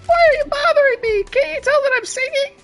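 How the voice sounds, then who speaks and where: A pompous high-pitched diva chick. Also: female voice, a little fast. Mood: haughty. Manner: pompous, putting on airs, theatrical. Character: haughty diva bird mascot, small female chick. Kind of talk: let's play dialogue read-aloud.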